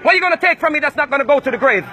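A man from Jamaica, loudly accusing and taunting people in a heated street confrontation. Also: very high voice, animated, very fast. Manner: loud, accusing, repetitive taunting. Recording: noisy crowd around, outdoors.

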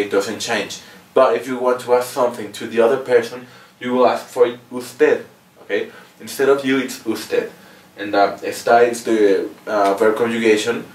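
A Mexican-accented man teaches a relaxed beginner lesson, pausing often to check in with a questioning "okay?". He sits a little back from the microphone, and his voice rings around a room with plenty of echo. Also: medium pitch. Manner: patient, ends phrases with "okay?". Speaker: language teacher. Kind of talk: casual video lesson. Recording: roomy echo, mic at a distance.

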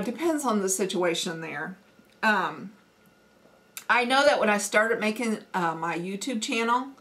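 A woman's voice: medium pitch, a bit bright. A middle-aged woman with a Midwestern accent, chatting casually with folksy asides and lots of ums. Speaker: homesteading vlogger. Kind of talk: casual accent challenge chat.

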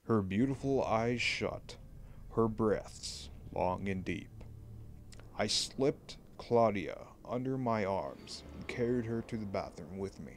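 A man with a fairly low voice reads a horror tale very slowly, letting each line sink in. His delivery is hushed and deliberate, with faint music playing softly behind him. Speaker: creepypasta narrator. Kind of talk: dramatic horror story reading. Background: faint background music.

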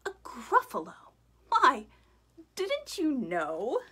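A sly little brown mouse from a picture book, cool-headed and quick with a tale, read aloud by a woman. The voice is soft and a touch breathy, the pace unhurried and the pitch swinging widely. It is told with calm assurance. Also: heavily acted. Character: small clever brown mouse, calm and cunning.

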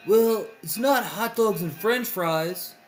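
Shaggy, a man doing a whiny high cartoon teen. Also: soft background music. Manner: whiny, drawn-out, says "like". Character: hungry cowardly teen boy cartoon sidekick.

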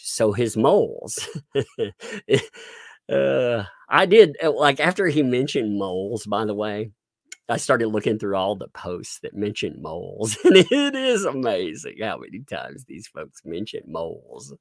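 A man's voice: lowish voice, sing-song, a little slow, vocal fry, no room sound, studio quality. A middle-aged man giving sarcastic live-stream commentary while reading court documents, with chuckling asides and frequent restarts.

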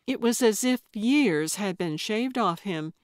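A woman narrating a cozy mystery audiobook in measured, even storytelling on a close studio mic. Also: mid-range voice, no echo. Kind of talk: scripted narration.

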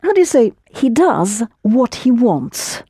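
A woman's voice: fairly high pitch, very animated, slow pace, dark tone, husky, dry recording, studio quality. A woman teaching a language lesson, explaining patiently step by step and prompting her students.

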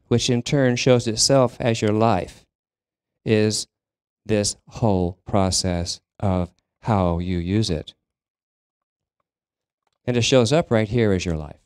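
A man preaching a sermon as minister of a spiritual congregation, talking in a halting way, with fillers and restarts as he searches for words. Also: on the low side, darkish tone, clean tone, no room sound, clean studio sound. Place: church sanctuary.

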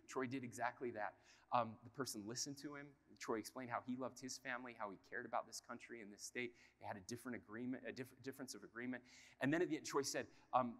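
A man's voice: medium pitch, steady tone, fast talker, a bit bright. A man giving an impassioned talk on a conference stage, emphatic and repeating his key phrases. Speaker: panel speaker, state governor. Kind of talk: impassioned live panel talk. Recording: long hall reverb at live event.

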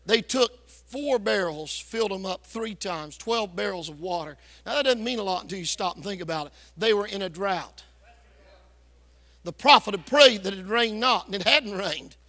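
A man preaching a revival sermon, telling a story loudly and with hard-driving force. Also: high voice, animated, moderate pace. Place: church sanctuary. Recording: echoey church hall.

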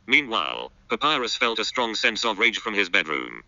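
Man, deadpan storyteller, low voice, very bright tone, muffled lo-fi sound. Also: normal speed, dry recording. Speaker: narrator. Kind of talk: absurd comic story read aloud. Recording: dull, muffled lo-fi recording.

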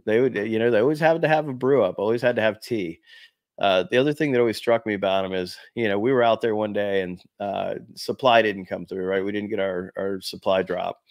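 A man in his fifties from the United States, a former Marine, casually telling animated stories to camera with lots of "you know". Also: on the low side, brisk, no echo. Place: small room before a green screen.

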